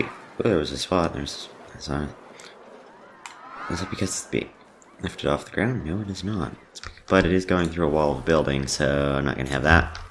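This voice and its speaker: A man with a very low, gravelly voice rambles through casual game commentary, full of ums and self-deprecating asides. Faint background noise and keyboard typing sit under his talk. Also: fairly bright tone. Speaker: let's play host.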